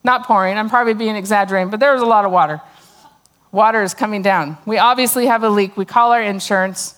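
A woman's voice: mid-range voice, steady tone, fast talker, a bit bright. A middle-aged woman giving a humorous testimony talk to a church audience, telling a story with sarcastic asides and frequent laughter. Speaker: speaker at a church gathering.

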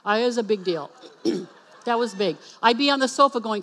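A woman giving a personal testimony in church as a speaker and worship leader. She acts out the dialogue and spells words out slowly for emphasis. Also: fairly high pitch. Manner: animated storytelling that acts out dialogue.

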